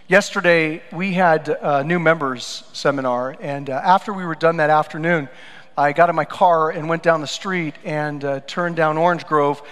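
A pastor preaching a sermon, telling stories and swinging between loud emphatic lines and quiet low asides. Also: male voice, moderate pace, smooth. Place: church sanctuary. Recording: church hall with long reverb.

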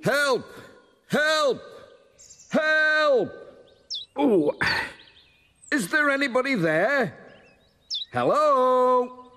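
Kind cheery postman guy, talks real slow, high voice, gets fretful. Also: big pitch swings, slight background noise, heavily acted. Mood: calling for help. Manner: gentle, fretful when stuck. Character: cheerful kindly village postman, man. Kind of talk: children's cartoon voice acting.

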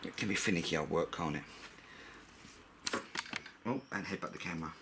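A man's voice: low voice, a little fast, creaky, noisy background. A middle-aged man with a blunt, chatty manner, talking through a scooter repair in a workshop and swearing freely. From United Kingdom. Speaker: mechanic vlogger. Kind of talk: casual repair tutorial.

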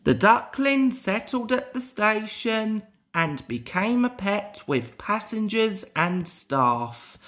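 A man's voice: high voice, a bit bright. A young man reading a children's railway storybook aloud, carefully. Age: young adult.

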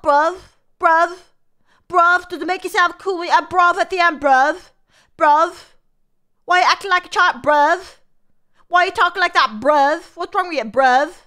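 A woman's voice: extremely high pitch, voice pushed up, exaggerated voice. An Irish woman doing a mocking cheeky lad voice. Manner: loud, mocking, scolding.

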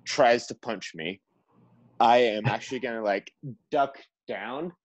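A man's voice: medium pitch, a little slow. A young man playing a tabletop game, talking casually and hesitantly while describing his character's moves. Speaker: player. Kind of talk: playing a tabletop game over a video call. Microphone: video call. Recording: muffled video-call audio.

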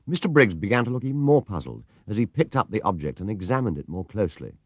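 A man narrating a children's storybook in an expressive, lively way. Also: fairly low pitch, fast, no echo. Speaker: audiobook reader.

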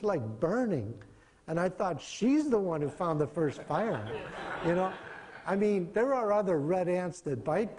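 A man's voice: high voice, dark tone, in a large hall. A middle-aged man giving a casual, conversational classroom lecture, wandering between points and chuckling as he goes. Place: lecture hall.

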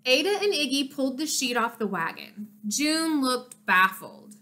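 A woman's voice: sits high, lively intonation, unhurried, sharp tone. A woman reading a children's chapter book aloud, stopping to explain the pictures to her listeners. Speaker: storybook reader.

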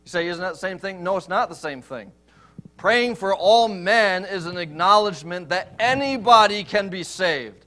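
A man preaching a sermon, pastor of a church, emphatic with rhetorical questions, swinging between loud stress and quiet scripture reading. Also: high-pitched, animated, normal speed.

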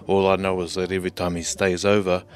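A man's voice: low-pitched, little pitch movement, quick pace. A man with a New Zealand accent hosting a comedy sketch, crude and laid-back, swearing often. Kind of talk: casual comic banter.

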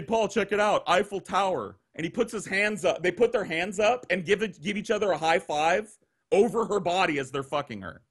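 A man telling a crude anecdote on a podcast, swearing freely and acting out the voices of the people in his story, heard over a video call. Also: on the high side. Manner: profane, animated, acts out quoted voices. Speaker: guest storyteller.

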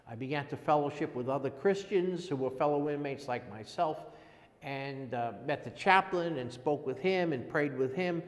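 A man in his sixties, an interviewee giving a halting, earnest personal testimony and often repeating words as he goes. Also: fairly high pitch. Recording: long echoey reverb.

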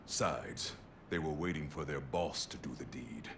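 Tough, calm crime boss for a game, very deep and gravelly, heard over background noise. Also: male voice, unhurried. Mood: gruff.

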